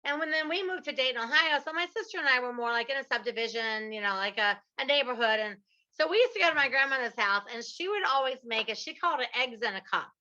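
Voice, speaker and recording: A woman hosting an interview, telling a lively story in a casual chat, stretching out her punchlines. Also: on the high side, fast, highs cut off. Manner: animated storyteller, drawls out punchlines. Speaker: podcast host.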